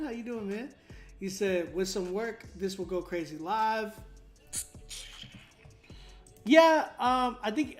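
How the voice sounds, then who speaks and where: A man with a notably high voice hosts a casual livestream critique of submitted tracks. He talks in a relaxed, filler-heavy way and hums drum rhythms to illustrate. Faint music plays underneath him. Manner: laid-back, many fillers, hums drum patterns to explain. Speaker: host reviewing submitted songs.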